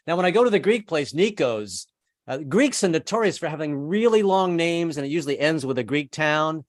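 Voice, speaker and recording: A man's voice: fairly high pitch, dry recording, studio quality. A man in his seventies, performing a rambling, self-deprecating stand-up set over a video call from home. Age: 70s. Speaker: stand-up comedian.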